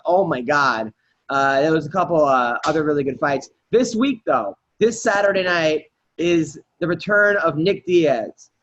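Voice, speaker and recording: A man's voice: on the high side, a bit bright, highs cut off. A man hosting a casual podcast chat, loose and filler-heavy as he prompts his guests. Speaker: podcast host.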